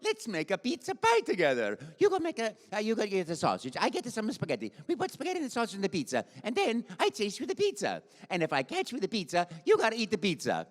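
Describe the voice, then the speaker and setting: A man's voice: sits high, wildly swooping pitch, quick pace, few pauses, pitched above the performer's own voice. A man voicing a cheerful young Italian plumber who loves food, in an exaggerated cartoon voice. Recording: echoey convention hall.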